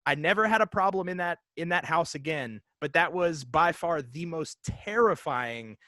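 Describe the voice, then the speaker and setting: Podcast guest, man, 40s: slightly high, sharp-edged voice, halting storyteller with many fillers. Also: lively intonation, no echo. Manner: halting, lots of fillers and restarts. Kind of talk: casual storytelling.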